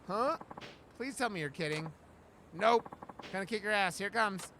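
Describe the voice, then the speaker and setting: A man's voice: high voice, lively intonation, moderate pace, background noise. A man hosting a let's play, reading the game's dialogue aloud in a casual way and swearing freely. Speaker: gaming video host.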